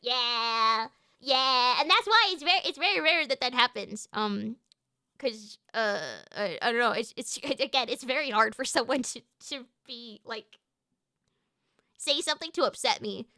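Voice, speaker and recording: A young woman streaming and chatting casually, loud and passionate, quick to get heated, on a close desk mic. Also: on the high side, smooth, no echo. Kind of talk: casual live-stream chat.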